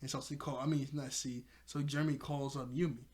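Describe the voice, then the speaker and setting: A man casually recapping a cartoon episode for his review channel, chuckling often and getting excited as he retells it. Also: medium pitch, a little fast.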